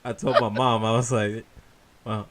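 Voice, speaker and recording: A man co-hosting a casual talk show, telling a story in an animated, repetitive way. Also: fairly low pitch, normal speed, background noise. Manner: animated, repeats himself, lively storyteller. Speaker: podcast co-host.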